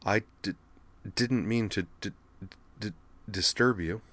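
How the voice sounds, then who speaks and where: A man voicing a shy, wry young woman who stutters heavily and speaks softly and hesitantly in an audiobook reading. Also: lowish voice, slow. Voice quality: heavy stutter. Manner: soft, hesitant, dry humor.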